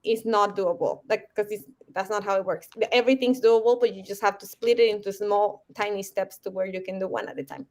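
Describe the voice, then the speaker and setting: A woman's voice: mid-range voice, steady tone, a little fast, hardly any pauses, darkish tone. A woman with a Spanish accent, a friendly guest in a casual interview who sometimes searches for words.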